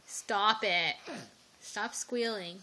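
A woman's voice: mid-range voice, drawn-out words, heavy background noise. A woman filming her baby on a phone, coaxing and teasing it to roll over in casual home-video talk. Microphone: phone camera.

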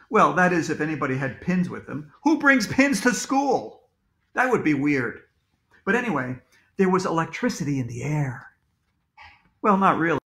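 A man's voice: a little high, a bit bright. Playful man reading a children's book aloud. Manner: playful, jokey asides. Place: home. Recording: roomy echo.

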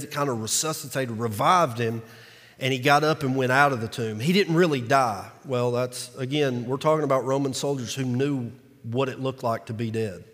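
Man preaching in a reverberant hall. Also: medium pitch. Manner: conversational preaching, dramatizes scripture quotes. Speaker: pastor. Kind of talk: sermon. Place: church sanctuary. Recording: long reverb of a large hall.

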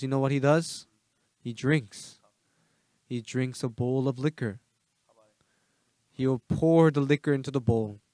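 A man preaches as pastor, emphatic and firing rhetorical questions at the congregation, shifting between loud urging and soft asides. His voice is mid-range, with no room sound.

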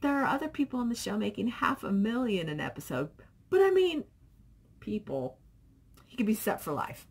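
Husky chatty woman vlogger. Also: mid-range voice, sing-song, normal speed, darkish tone. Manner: chatty, rambling, reads viewer comments aloud. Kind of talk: casual chat.

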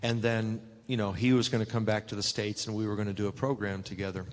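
A man's voice: fairly low pitch, fast talker. A man in his sixties telling stories on stage at a live panel, acting out the voices of people he quotes. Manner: animated, acts out quoted voices. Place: stage in a large convention hall. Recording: roomy hall reverb.

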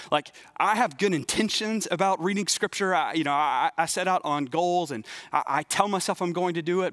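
Youth preacher, male, slightly high voice, earnest and conversational, stumbles and restarts. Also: fairly bright tone, no room sound. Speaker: youth pastor. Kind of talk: sermon to students.

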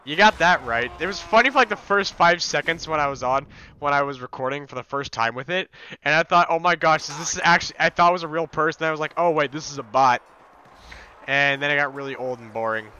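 Bright high-voiced young gamer man. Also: fast, highs cut off, slight background noise. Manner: mock-heroic king speeches, frequent swearing. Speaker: gaming channel host. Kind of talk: casual gameplay chat.

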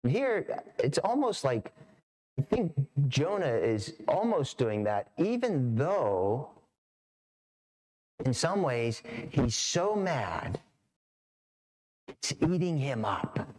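Lively slow-speaking pastor. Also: male voice, mid-range voice. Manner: animated storytelling, acts out voices. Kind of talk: sermon. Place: church sanctuary.

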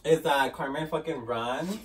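A man's voice: on the high side, measured pace, a little hiss or hum. A young man animatedly telling friends about a messy night out, full of swearing and filler words. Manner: rambling, animated, heavy swearing and "like". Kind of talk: casual storytelling among friends. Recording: distant mic, heard from far off.

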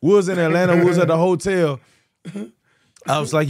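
A man chatting as a podcast guest, telling animated stories full of restarts and repeated phrases. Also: high-pitched, brisk, no room sound, studio quality. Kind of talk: casual podcast chat.

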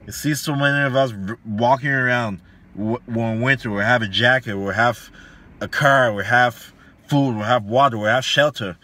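A man's voice: medium pitch, moderate pace, pushed and bright, slight background noise. A man, an online fitness coach, giving a preachy motivational monologue full of repeated lines, slang and rhetorical questions.

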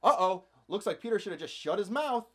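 A man's voice: sits high, lively intonation, a little fast, a bit bright. A man hosting a comedic movie recap, narrating with sarcastic, playful asides. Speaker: host.

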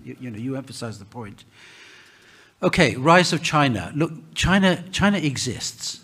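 A man speaks on a conference panel in a slightly husky voice. He talks at a middling pitch, halting often, repeating words and restarting his sentences as he argues his point. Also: a bit bright. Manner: hesitant, many restarts and fillers. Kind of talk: panel discussion.

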